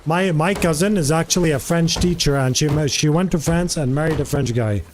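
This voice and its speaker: A man's voice: a little high, fairly quick, slight background noise. Chatty, rambling male streamer. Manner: rambling, chatty, many fillers, answers chat. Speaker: live streamer. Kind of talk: casual stream chat.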